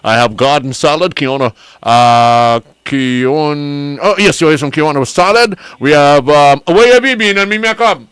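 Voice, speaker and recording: A man's voice: fairly high pitch, a little slow, few pauses, fairly bright tone, clean tone, no echo. A man with an Antiguan accent hosting a radio show, chatting casually and reading out lunch specials with relish. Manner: chatty, chuckling, savoring the food aloud. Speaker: radio host.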